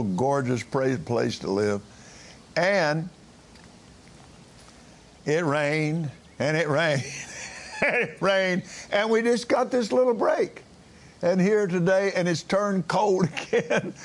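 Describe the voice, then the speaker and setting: Slow, gravelly-voiced male preacher outdoors. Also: mid-range voice. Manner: rambling, restarts, chuckles. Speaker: minister. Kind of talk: casual broadcast preaching. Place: backyard, outdoors.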